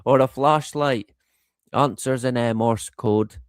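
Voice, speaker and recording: A man's voice: medium pitch, steady tone, slow, smooth, no room sound. A middle-aged man hosting a live stream in casual chat, rambling, swearing freely and chuckling often. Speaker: livestream host.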